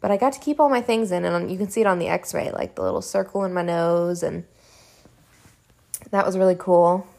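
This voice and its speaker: Young adult woman, casual home vlogger, chatty and animated storyteller, sprinkles in swearing. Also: fairly low pitch, a little fast, creaky. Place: home room.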